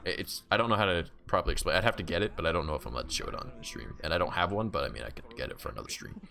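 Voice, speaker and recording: A man's voice: low voice, animated, racing, creaky, bright, forceful tone. A man streaming and chatting casually, telling a story full of swearing and "like" fillers. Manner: swears freely, lots of "like" fillers.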